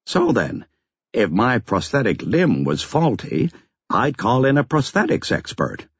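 A man voicing a calm, earnest and stiffly formal man in an audiobook, measured and precise, on a slightly dull lo-fi recording. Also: medium pitch, husky, dry recording, voice pushed up, exaggerated voice. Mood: exasperated. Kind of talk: audiobook character voice.

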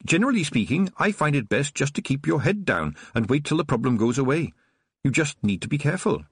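A man's voice: on the high side, sing-song, fairly quick, husky, no echo, studio quality, voice pushed up, full character voice. A man voicing a sinister, honeyed old witch who runs a shop, gleeful and menacing. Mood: sly. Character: sinister sugary old woman witch shopkeeper. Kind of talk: audiobook character voice.

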